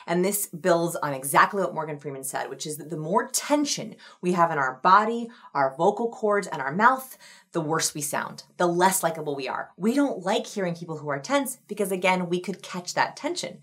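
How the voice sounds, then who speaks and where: A woman's voice: medium pitch, lively intonation, normal speed, fairly bright tone. A woman hosting a video on likability, explaining clips and coaching the viewer in an upbeat, instructive way. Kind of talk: scripted explainer to camera.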